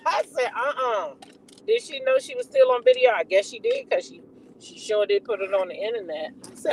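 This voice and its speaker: A woman's voice: high-pitched, very animated, normal speed, rough recording. A woman hosting a gossip channel, chatting casually, laughing and repeating punchlines.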